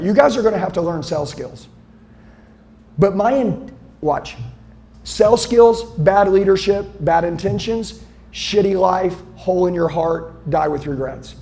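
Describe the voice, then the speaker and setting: A man giving a live motivational speech to an audience in an indoor venue, intense, urgent and profane, often yelling. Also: sits high. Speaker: motivational speaker.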